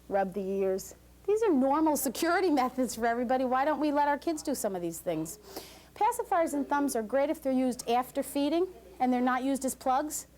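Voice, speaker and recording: Woman, parenting class instructor, lively and joking, voice sits a touch high. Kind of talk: lecture to new parents.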